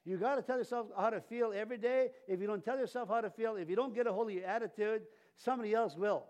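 A man's voice: sits high, fast talker, darkish tone. A man preaching an informal sermon in a church, rambling and breaking off mid-sentence, chuckling at his own asides. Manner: rambling, self-interrupting, chuckling often. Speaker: pastor.

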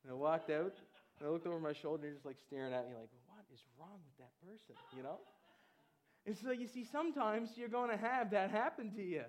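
A man preaching a lively sermon, chatty with many fillers and breaking into shouted calls to the congregation. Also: high-pitched, fast. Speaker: pastor.

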